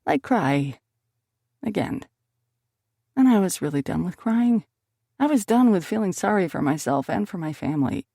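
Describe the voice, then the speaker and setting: Gravelly woman reading a romance novel. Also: fairly low pitch, lively intonation, moderate pace, long pauses, mellow, dry recording, studio quality. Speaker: audiobook narrator. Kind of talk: first-person romance audiobook narration.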